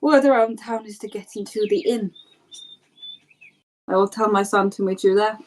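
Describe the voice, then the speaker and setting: A woman's voice: medium pitch, moderate pace, lightly acted, low-quality recording. A woman voicing an older elf woman who is a mother, speaking briefly and plainly. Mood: measured.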